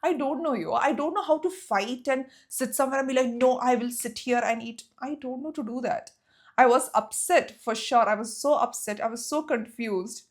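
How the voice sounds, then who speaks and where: Animated young woman telling a storytime. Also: high-pitched, moderate pace. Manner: animated, exclaiming, asks viewers rhetorical questions. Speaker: vlogger. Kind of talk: storytime vlog, casual chat.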